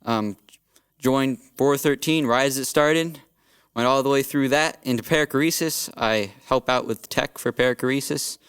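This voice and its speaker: A man's voice: medium pitch, normal speed, a bit bright, clear, resonant tone. A teenage boy from Georgia, a podcast guest, laid-back and trading dry jokes in a casual chat. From Georgia, USA. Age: teens.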